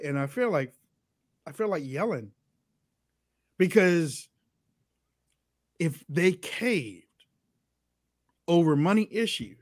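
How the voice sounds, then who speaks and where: A man with a high-pitched voice co-hosts a political talk show. He argues emphatically, circling back and repeating his key lines. The sound is dry and close. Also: fairly bright tone, no echo. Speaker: co-host.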